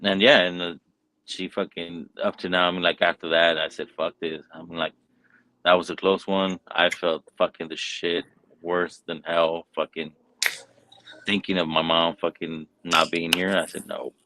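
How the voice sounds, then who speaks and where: Host type: low-voiced man, loose rambling delivery, swears in nearly every line, casual backyard chat. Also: little pitch movement, moderate pace, sharp tone, low-quality recording. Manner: profane, rambling storyteller. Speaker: podcast host.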